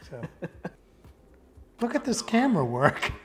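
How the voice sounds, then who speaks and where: A man's voice: sits high, big pitch swings, slow. Chatty joking man co-hosting. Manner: chatty, joking, laughs often. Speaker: co-host of a reaction channel. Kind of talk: casual chat reacting to videos.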